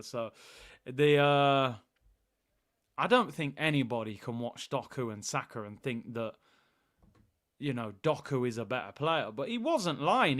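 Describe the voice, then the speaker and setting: A man hosting a live football watchalong, chatting excitedly with viewers. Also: mid-range voice. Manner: excitable, hyping up the live chat.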